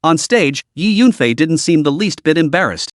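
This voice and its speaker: A man's voice: on the high side, lively intonation, normal speed, no room sound, clean studio sound. A man narrating a comic story recap in a scripted storytelling style, voicing every character himself.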